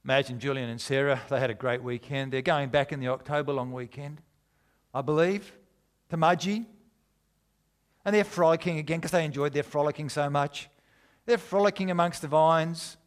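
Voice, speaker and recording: A man's voice: a little high, normal speed, clean tone. A middle-aged man preaching a sermon, conversational and jokey but driving home his points with emphasis. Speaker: pastor.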